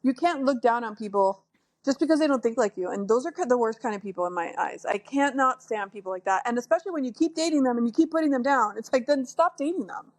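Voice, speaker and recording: A woman's voice: a little high, lively intonation, fast talker, a little mellow. A woman co-hosting a casual podcast chat about reality TV, opinionated and emphatic, laughing often. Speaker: podcast co-host.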